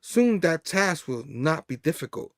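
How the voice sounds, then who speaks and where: A man voicing a grandiose male comic-book villain who speaks slowly and builds to a shout. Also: a little high, big pitch swings, no room sound, studio quality. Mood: menacing. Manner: slow, proclaiming, rising to a shout.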